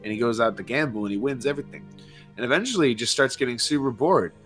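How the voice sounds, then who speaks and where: A man's voice: mid-range voice, expressive, quick pace, a bit bright, faint music behind. Male co-host, loose joking storyteller, full of fillers, mid-range voice. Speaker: commentary co-host. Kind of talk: casual let's-play banter.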